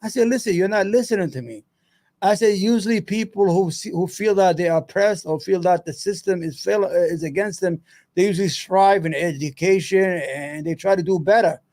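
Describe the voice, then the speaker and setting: A man with a notably high-pitched speaking voice and a gravelly edge hosts his own channel. He rambles casually, swears freely and mutters to himself while he hunts for clips, then launches back into his opinions. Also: a little fast, darkish tone. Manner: loose, profane, muttering to himself between points. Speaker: solo commentary host.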